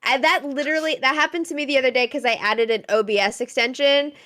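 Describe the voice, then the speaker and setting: A woman's voice: high voice, quick pace, a loud crowd. A woman co-hosting a podcast, chatting casually and jumping in with her own stories. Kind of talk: casual chat.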